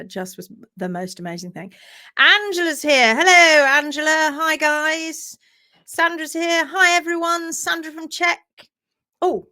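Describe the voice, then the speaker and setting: A bubbly woman hosts a casual live chat and warmly greets each viewer by name. Her voice sits high and sounds bright and crisp. She talks in a lively, sociable way throughout. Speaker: livestream host. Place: at home, based in France.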